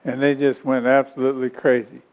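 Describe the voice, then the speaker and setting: A man's voice: mid-range voice, level tone, fairly quick. A man preaching a sermon who reads scripture aloud and then explains it in homey asides, chuckling now and then. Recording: dull lo-fi recording.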